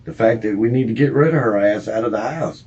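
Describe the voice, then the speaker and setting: A man's voice: fairly low pitch, fast talker, a little mellow, breathy edge. A distraught middle-aged man, rambling and swearing through a police interview. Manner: rambling, profane, agitated. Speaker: murder suspect being interviewed. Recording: muffled lo-fi interview recording.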